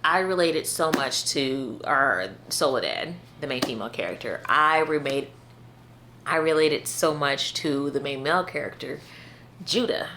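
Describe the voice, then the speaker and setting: A woman with a low voice talks through her favorite reads in an easy, unhurried way. She fills her speech with "like" and "you know," sounding earnest and heartfelt about the books she loves. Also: pushed and bright, slight background noise. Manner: chatty, full of "like" and "you know". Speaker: book reviewer. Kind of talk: casual book review chat.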